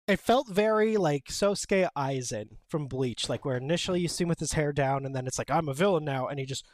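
A man with a fairly high voice, recorded close and dry with no room sound. He chats about comic scenes in an animated, opinionated way and peppers his talk with "like". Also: a little fast, no echo. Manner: animated, opinionated, many "like" fillers. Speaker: podcast co-host. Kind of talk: casual chat about a manga.

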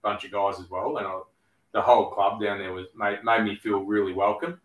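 A man's voice: on the low side, steady tone, brisk, far from the mic. A middle-aged man with an Australian accent, a guest talking easily and plainly in a casual chat. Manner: easygoing, plain-spoken. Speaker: guest, former footballer. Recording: roomy echo.

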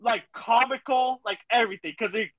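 An excitable man on a gaming podcast who talks in a high voice, laughs a lot and keeps saying "dude." His mic sounds dry and a little dull and lo-fi. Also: brisk, no room sound. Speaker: podcast co-host. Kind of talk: casual gaming chat.

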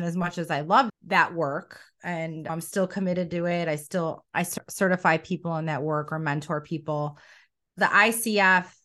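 Appearing as a podcast guest, a middle-aged woman who coaches and founded an academy tells her story in a somewhat low voice. She's animated, now and then quoting her own thoughts aloud.

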